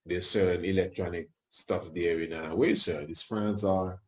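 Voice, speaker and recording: Brief: male radio talk host, low register, loose colloquial rambling delivery. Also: steady tone, normal speed, darkish tone. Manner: rambling, colloquial, chuckles asides.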